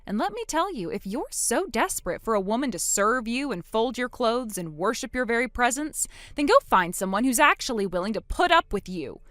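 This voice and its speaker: A woman narrating a text message story as the wife, trading sharp, sarcastic comebacks. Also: a little high, big pitch swings, fairly quick, few pauses, no echo.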